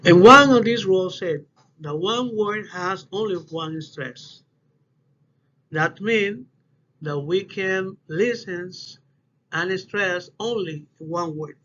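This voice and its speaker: A high-voiced man gives a class presentation at a slow, careful pace, often stopping to restart his phrases. The recording is dull and lo-fi, with faint hiss underneath. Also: sharp tone. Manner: halting, restarts phrases, non-native English phrasing. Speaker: student presenter.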